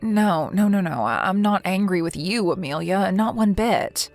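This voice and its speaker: A woman's voice: mid-range voice, expressive, normal speed, vocal fry, soft background music. Woman doing a caring outspoken young woman, firm and reassuring, text story read-out. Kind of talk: text-message story reading.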